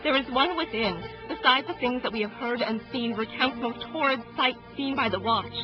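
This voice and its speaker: A woman's voice: a little high, moderate pace, lightly acted. A woman playing a noble Roman wife in a Shakespeare audio drama, delivering verse earnestly and with passion. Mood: fearful. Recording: dull lo-fi audio under music.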